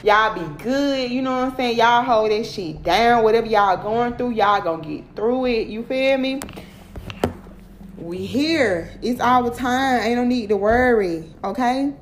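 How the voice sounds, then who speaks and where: A woman's voice: on the high side, a little slow, reverberant, slight background noise. A woman speaking in as the host of a livestream, giving profane motivational talk and repeating "period" and "okay".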